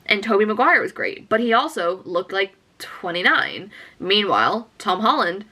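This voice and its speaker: A young woman doing film reaction commentary in an excitable, gushing, chatty way. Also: mid-range voice, moderate pace. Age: young adult. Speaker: movie reaction YouTuber.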